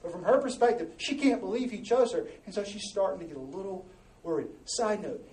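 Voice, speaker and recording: Animated male pastor in an echoey hall. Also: sits high, a little fast. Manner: animated, joking with the congregation. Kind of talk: sermon. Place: large church hall. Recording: echoey hall, mic at a distance.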